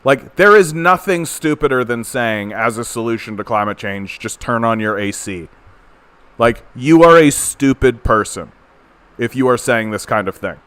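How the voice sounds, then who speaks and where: A man's voice: medium pitch, moderate pace, fairly bright tone, smooth, dry recording. A Canadian man hosting a political commentary livestream, ranting in a blunt, profane, exasperated way.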